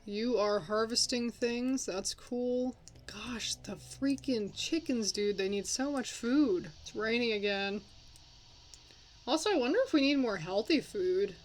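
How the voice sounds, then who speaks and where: A woman's voice: on the high side, a little slow. A young woman hosting a casual game commentary, chatting and swearing at her characters as she plays. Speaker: let's play host.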